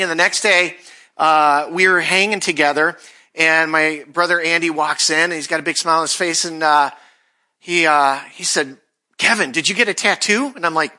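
A man's voice: on the high side, fairly quick. A man in his forties giving a casual, story-filled sermon as pastor, conversational and self-deprecating. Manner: conversational, self-deprecating, animated when quoting others.

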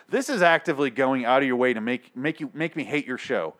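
A man in the middle of a profane review rant, exasperated and sarcastic as he picks apart an episode. His pitch sits in an ordinary middle range for a man. He swears constantly and talks like a host venting to his regular audience. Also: animated, fast talker, a bit bright.

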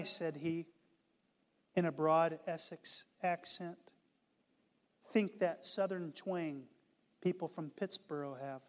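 A man preaching a sermon, retelling a conversion story and building to impassioned shouts. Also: sits high, measured pace, big-room sound. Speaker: pastor.

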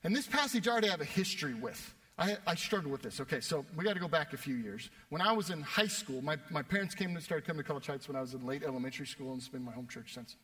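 A young man preaching a sermon, telling a self-deprecating story with animated delivery. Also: fairly high pitch, quick pace, hardly any pauses. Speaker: pastor. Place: church worship space. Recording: long reverb of a church hall.

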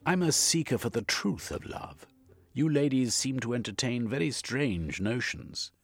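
A man voicing a prim, naive young gentleman who speaks in formal, proper phrasing. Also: deep voice, expressive, moderate pace, husky, soft background music, full character voice. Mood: earnest.

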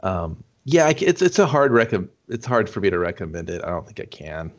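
A man's voice: low voice, sing-song, brisk, lo-fi sound. A man co-hosting a casual movie talk, laid-back and profane, laughing often. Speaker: podcast co-host. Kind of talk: casual chat.

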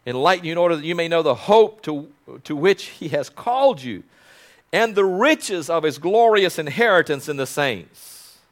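Preaching man swinging from loud to soft. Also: a little high, animated, normal speed. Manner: dynamic swings from loud prayer to soft intimate asides; calls congregation to repeat after him. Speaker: pastor. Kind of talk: sermon with prayer.

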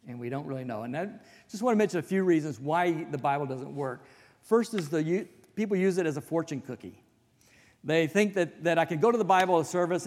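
A male pastor delivers a conversational sermon full of folksy stories and self-deprecating asides. His voice sits on the high side and is a little mellow, and the recording carries a hall's long reverb.

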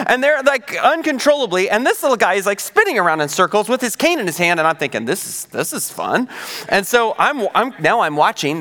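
Pastor, male, high voice, animated storyteller, echoing hall. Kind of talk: sermon storytelling.

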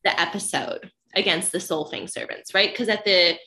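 A woman's voice: fairly low pitch, normal speed, bright, forceful tone. A woman co-hosting a casual discussion of a cartoon series, reflective and often checking for agreement. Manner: reflective, asks agreement with "right?". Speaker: podcast co-host.

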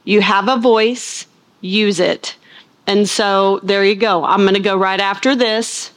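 Middle-aged woman Bible teacher, talkative and lively, full of playful asides to the congregation. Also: mid-range voice, slow. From United States. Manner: rambling, animated storytelling with playful asides. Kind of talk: chatty sermon intro to a live audience.

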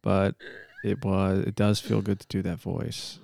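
A man's voice: sits low, completely flat delivery, measured pace, gravelly, warm tone, a little hiss or hum. A man hosting a casual podcast, joking around and putting on a mock-solemn prayer. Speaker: podcast host.

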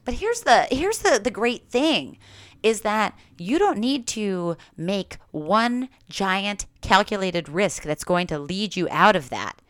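A woman's voice: medium pitch, big pitch swings, slow, a bit bright, no echo, studio quality. A woman hosting a podcast, telling a candid personal story in a confessional way, swearing casually and often restarting her sentences. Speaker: podcast host.

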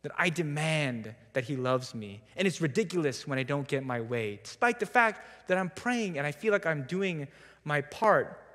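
A young adult man giving a sermon in a church, telling a story in a relaxed, conversational way with self-deprecating humor. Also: on the high side, moderate pace, in a large hall. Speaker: preacher. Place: church sanctuary.

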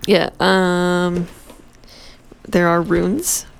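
A woman's voice: lowish voice, flat delivery, very slow, gravelly, clear, resonant tone. A woman co-hosting a podcast, chatting casually and giggling as she reads out an unboxing to her co-host. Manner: giggly, chatty, reads aloud with playful flourish. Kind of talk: casual chat during an unboxing.

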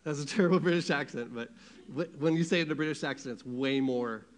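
A man preaching a sermon, asking his congregation questions and swinging between loud emphasis and hushed, quiet passages. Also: mid-range voice, fast talker. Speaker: pastor.

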